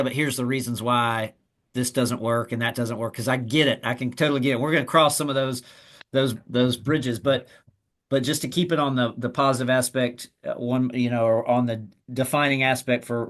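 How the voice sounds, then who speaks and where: A man's voice: medium pitch, fairly bright tone. Rambling male podcast host. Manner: rambling, restarts, many fillers. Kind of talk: interview questions.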